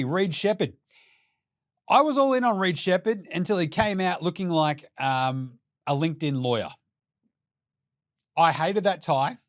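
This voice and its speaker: An Australian man hosting a basketball show, ranting in an excitable, profane, comedic way and laughing between jokes. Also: fairly high pitch, no echo, studio quality. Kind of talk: comedic sports rant.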